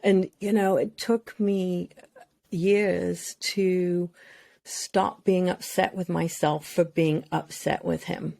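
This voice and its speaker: Earnest woman with a gravelly voice. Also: on the low side, flat delivery, slow, warm tone, dry recording. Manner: earnest, emotional, speaks in long flowing runs. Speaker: mental health expert guest. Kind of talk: candid podcast conversation.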